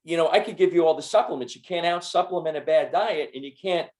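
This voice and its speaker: A middle-aged man hosting a health podcast, telling stories in an animated, repetitive way. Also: a little high, fast. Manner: animated storyteller, repeats words. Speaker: podcast host and doctor. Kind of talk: casual interview chat.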